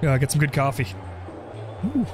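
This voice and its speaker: A young man commenting on his game play, joking and getting excited as he goes. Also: fairly high pitch, normal speed, over music. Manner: jokey, excitable, role-plays as the character. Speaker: gaming video creator.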